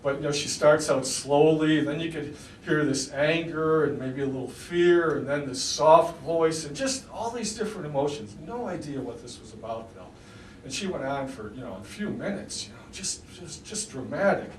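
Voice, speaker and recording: A man's voice: on the high side, animated, normal speed, a little hiss or hum. An American man, a poet, telling a story aloud in a meandering, conversational way with many restarts. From United States. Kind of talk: live spoken storytelling. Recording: echoey room, distant mic, faint ambience.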